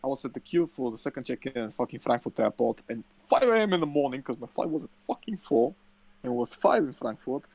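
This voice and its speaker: A man's voice: medium pitch, lively intonation, fast talker, a little mellow, dry recording. A young man co-hosting a podcast in casual chat, telling stories emphatically and swearing constantly. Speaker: podcast co-host.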